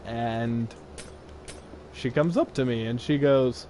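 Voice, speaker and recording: A man's voice: medium pitch, fairly even intonation, slow, long pauses, darkish tone, slight background noise. A young man casually telling a funny personal story while playing a game, laughing often and acting out the people he quotes. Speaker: gaming video host.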